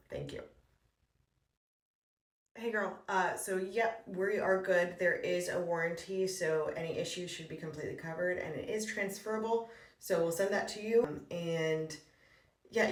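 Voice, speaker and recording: Brisk businesslike woman, distant and roomy. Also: lowish voice. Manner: brisk, polite businesslike phone talk. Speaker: real estate broker. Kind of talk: comedic reenactment of phone calls.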